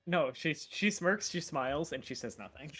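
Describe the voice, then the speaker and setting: A woman playing a tabletop role-playing game, speaking in a wry, unhurried way. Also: sits low, animated, fairly bright tone, slightly rough, dry recording, soft background music. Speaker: player. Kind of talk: casual tabletop game play.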